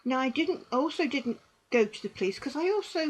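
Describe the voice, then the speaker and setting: Husky middle-aged woman, halting. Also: sits high, expressive, poor audio. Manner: halting and repetitive, with restarts; earnest and emotional, with bitter dark humour. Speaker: survivor giving testimony. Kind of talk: personal testimony to camera.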